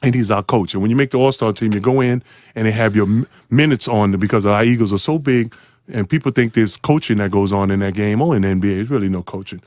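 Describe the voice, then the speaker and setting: A man's voice: fast, a little mellow, dry recording, studio quality. A man telling a sports story with lots of energy, acting out the quotes in jumpy voices and laughing often. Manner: acts out quotes with big pitch jumps, laughs often. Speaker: storyteller guest. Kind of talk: animated storytelling.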